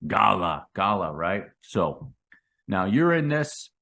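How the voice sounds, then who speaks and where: A man's voice: sits low, very animated, takes it slowly, gravelly, pushed and bright. A middle-aged man hosting a crypto trading channel, explaining chart patterns in a loose, repetitive way and tagging lines with "okay?" and "right?". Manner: restarts and repeats phrases while sketching on a chart. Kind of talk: casual explainer talk to viewers.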